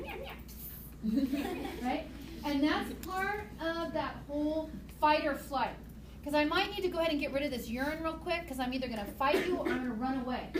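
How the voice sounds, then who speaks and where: A woman teaching a high school biology class, chatty and lively, acting out examples for her students. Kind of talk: classroom lecture. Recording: echoey classroom from far off, noisy.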